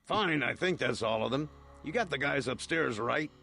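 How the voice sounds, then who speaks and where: A weary gravelly hotel owner. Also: male voice, mid-range voice, lively intonation, normal speed, bright, forceful tone, faint music behind. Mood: relieved. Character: worried weary hotel owner, middle-aged man. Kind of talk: video game voice acting.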